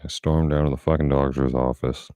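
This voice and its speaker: A man's voice: very deep voice, flat delivery, a little fast, mellow, smooth, no room sound. A middle-aged man talking bluntly and profanely in a casual monologue. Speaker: vlogger.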